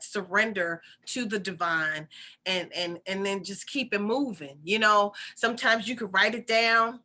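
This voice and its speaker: A woman with a bright, clear-edged voice talks through spiritual advice in a loose, conversational way. She repeats her phrases for emphasis and keeps checking that her listeners are following along. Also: medium pitch. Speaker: intuitive healer and channel host. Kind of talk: casual spiritual advice talk.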